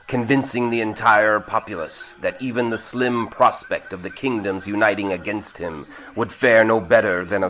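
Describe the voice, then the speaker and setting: A man playing a deep-voiced feline noble. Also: a bit bright, highs cut off. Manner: measured, persuasive, formal. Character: lion-like male feline noble, calm diplomat. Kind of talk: indie audio drama acting.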